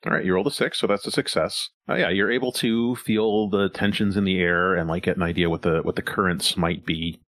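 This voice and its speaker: A man's voice: low voice, steady tone, a little fast, hardly any pauses, a bit bright, no room sound. A man acting as game master, narrating a tabletop game in a rambling way with frequent fillers and chuckles. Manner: rambling, chuckling, thinks aloud with many fillers.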